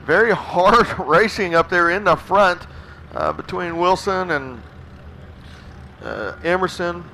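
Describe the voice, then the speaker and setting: A man with a high-pitched voice works as a race track announcer, calling the laps with folksy, excitable energy. His voice carries over loud engines and outdoor track noise. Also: slow pace. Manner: folksy, excitable play-by-play calls. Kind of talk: live race commentary. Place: outdoor racetrack.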